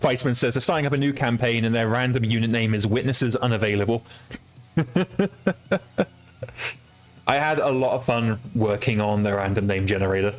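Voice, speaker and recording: A man's voice: medium pitch, steady tone, moderate pace, soft background music. A man streaming a video game, chatting casually, swearing freely and laughing at his own mistakes. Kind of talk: casual let's-play commentary.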